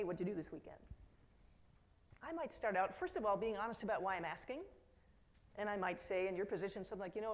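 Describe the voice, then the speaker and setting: A middle-aged woman speaking from a conference stage, her keynote talk lively and story-driven. She drops into quoted voices and talks straight to the crowd, with a mid-range pitch. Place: conference hall.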